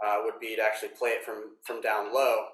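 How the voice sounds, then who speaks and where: A man teaching snare drum technique in a workshop, explaining step by step in a relaxed way with frequent ums. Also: on the low side, fairly quick, recorded from a distance. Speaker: drum instructor. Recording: roomy echo.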